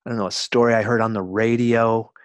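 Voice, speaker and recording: Reflective man in his 60s, halting. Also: lowish voice, level tone, clear, resonant tone, no echo. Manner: reflective, halting storytelling with restarts. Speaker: guest writer. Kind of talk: interview conversation.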